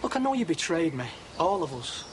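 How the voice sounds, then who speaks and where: A man's voice: a little high, big pitch swings, fairly quick. An actor playing a persuasive man trying to lure a former friend back, coaxing and insistent. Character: smooth, pushy man luring back a lost friend. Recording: noisy outdoor TV drama audio.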